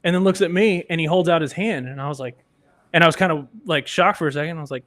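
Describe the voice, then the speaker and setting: A man's voice: a little high, racing, dry recording. Upbeat man telling a sports story. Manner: animated anecdotes, acts out quoted voices. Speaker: radio engineer, podcast guest. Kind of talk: casual storytelling.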